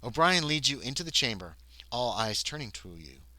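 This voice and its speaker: A man's voice: mid-range voice, sing-song, moderate pace, pushed and bright, dry recording, poor audio. A man playing a solo tabletop horror scenario on a livestream, reading the text aloud and breaking off into muttered asides. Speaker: solo tabletop game player and narrator.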